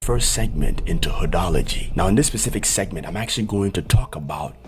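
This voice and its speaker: A man's voice: deep voice, expressive, fairly quick, background noise. A man explaining a lesson methodically, step by step, as an online language instructor. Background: background music.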